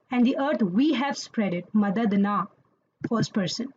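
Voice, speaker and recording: A woman's voice: on the high side, expressive, fairly quick, darkish tone, breathy edge, lo-fi sound. A woman teaching Quranic Arabic grammar in an online lesson, explaining patiently and checking in with listeners as she goes.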